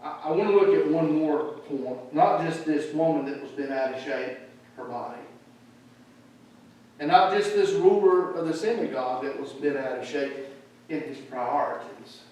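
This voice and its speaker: A high-voiced man delivering a lively church sermon, acting out the people he quotes. He is heard from a distance, with heavy echo from the large hall. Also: moderate pace. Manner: animated, acts out quoted speech. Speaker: preacher. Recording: echoey hall from far off.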